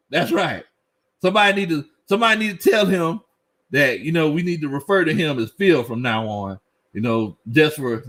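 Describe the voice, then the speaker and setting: A man in middle age hosts a relaxed sports live stream, chatting to his viewers. His voice sits slightly high and swings widely in pitch. He laughs often and talks in easy slang. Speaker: sports show host. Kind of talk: casual live-stream chat reading comments.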